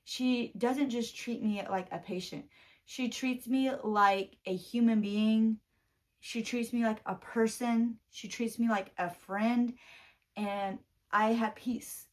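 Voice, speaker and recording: A woman's voice: a little high, steady tone, slow. A young woman, telling a personal story in a rambling, casual vlog and retelling conversations with lots of "like"s. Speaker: vlogger.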